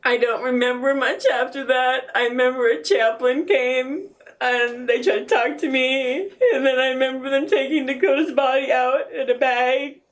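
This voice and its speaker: A woman's voice: high voice, recorded from a distance. A grieving woman in an interview, crying and laughing through tears as she tells a personal story. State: tearful. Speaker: interview guest. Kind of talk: emotional personal testimony.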